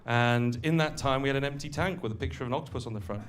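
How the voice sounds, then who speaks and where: A man's voice: mid-range voice, very fast. Man, stand-up comic, conversational crowd work, club stage, mid voice. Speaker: stand-up comedian. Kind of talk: stand-up comedy set.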